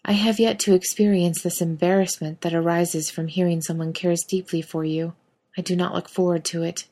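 A woman's voice: on the low side, steady tone, moderate pace, mellow. Woman doing solemn ancient male angel, formal, earnest, stiff, audiobook fan fiction.

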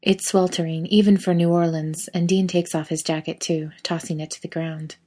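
A woman reading a story aloud in a steady, even way. Her voice sits somewhat low for a woman. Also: moderate pace, hardly any pauses. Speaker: narrator.

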